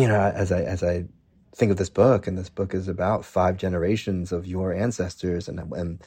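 A man's voice: sits low, warm tone, slightly rough, no room sound. A man hosting a radio show, asking careful, thoughtful questions and closing the program. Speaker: radio host. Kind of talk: radio interview and show close.

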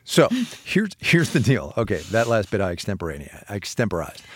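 A man's voice: lowish voice, brisk, breathy edge. A man co-hosting a podcast, explaining an idea in a casual, laughing way and often restarting his sentences. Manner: lively, laughing, self-interrupting explainer. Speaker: podcast co-host.

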